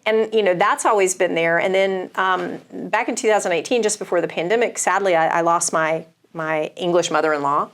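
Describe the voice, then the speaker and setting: Thoughtful woman professor, low voice. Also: brisk, hardly any pauses. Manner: thoughtful, hesitant with fillers and restarts. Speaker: English professor. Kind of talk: casual discussion.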